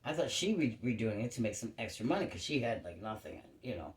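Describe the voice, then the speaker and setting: A woman's voice: very deep voice, fast talker, reverberant. A woman telling a long, rambling story about her neighbors in casual chat, swearing freely. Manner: rambling, profane, animated storytelling.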